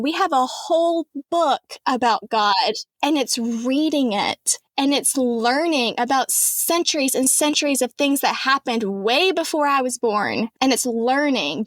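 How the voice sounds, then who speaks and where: A woman's voice: high voice, a bit bright, no echo, clean studio sound. A woman from Alabama with an American accent, telling a personal story as a guest in an earnest, heartfelt way. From Alabama, USA. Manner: earnest, heartfelt, speeds up and slows down. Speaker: reporter, podcast guest.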